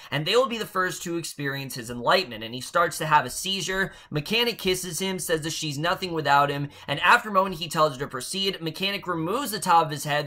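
A young man talks through a TV episode in a loose, opinionated recap. He throws in sarcastic asides. His voice sits a little high and sounds bright. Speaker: TV episode reviewer. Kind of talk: casual recap and review.

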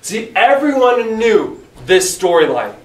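Man teaching Bible study, earnest, emphatic, fairly high voice, echoey church room, distant mic. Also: sing-song, takes it slowly. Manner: earnest, emphatic, reads scripture aloud. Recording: echoey room, mic from afar, faint hiss.

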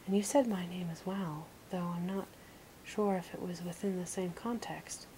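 A woman voicing a composed young man who speaks politely with gentle teasing, as whispered role-play. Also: lowish voice, steady tone, normal speed, slight background noise, close to an everyday voice, rough recording.

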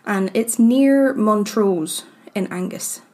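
A woman's voice: medium pitch, slow pace, darkish tone. A woman co-hosting a podcast, chatting casually and laughing easily as she reads from her notes. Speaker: podcast co-host presenting the story. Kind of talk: casual chat.

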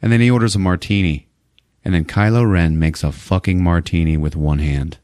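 A man's voice: low voice, fairly even intonation, brisk, a little mellow, no echo, clean studio sound. A man hosting a podcast, casually recapping a movie with lots of swearing and laughing. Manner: profane, laughing often. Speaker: podcast host.

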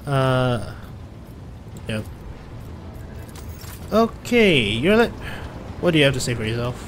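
A man's voice: mid-range voice, very animated, slow, slight background noise. A man playing a video game, chatting casually and reading dialogue aloud with fillers. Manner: chatty, reads text with fillers. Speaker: gaming channel host.

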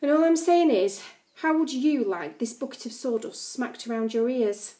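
A woman's voice: on the high side, normal speed, warm tone, lightly acted. A woman voicing a spiteful young barmaid who snaps scornful insults. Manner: snappy, scornful.

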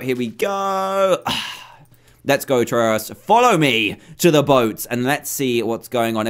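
Excitable man narrating gameplay. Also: mid-range voice. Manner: excitable, chatty, frequent exclamations. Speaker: gaming video host. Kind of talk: let's play commentary.

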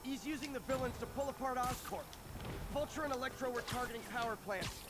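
A man's voice: extremely high pitch, fairly quick, very noisy. An actor voicing a quippy young male superhero, delivered in clipped, matter-of-fact lines from game audio. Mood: briefing. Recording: game audio under loud music.

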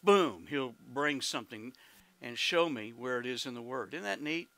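A pastor with an Oklahoman accent preaches a folksy, exclamatory sermon, calling out to his congregation and breaking easily into laughter and hallelujahs. His mid-range voice is expressive, pushed and bright, at normal speed with no echo.

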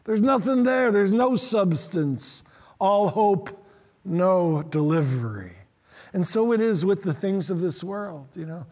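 A middle-aged man preaching a sermon as pastor, animated, often acting out the quotes he reads. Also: high voice, slow pace.

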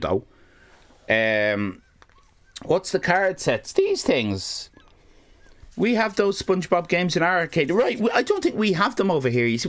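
Profane, rambling male storyteller. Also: medium pitch. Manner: profane, rambling, self-interrupting. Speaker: streamer.

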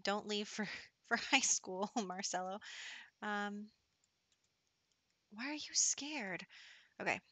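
A woman's voice: medium pitch, animated, takes it slowly, pauses often, bright, forceful tone, no echo. A woman giving casual, chatty commentary over her gameplay, giggling often and slipping into whispered asides.

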